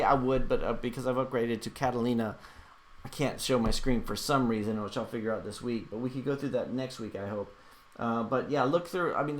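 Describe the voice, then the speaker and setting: A man's voice: medium pitch, a bit bright. Rambling man hosting a livestream. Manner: rambling, many fillers and restarts. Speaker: livestream host reading chat. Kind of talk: casual live chat.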